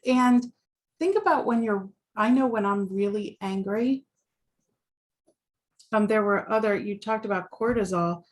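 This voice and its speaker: Animated woman coach with many fillers. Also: medium pitch. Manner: animated, full of fillers and restarts. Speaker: relationship coach, guest. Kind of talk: casual conversation.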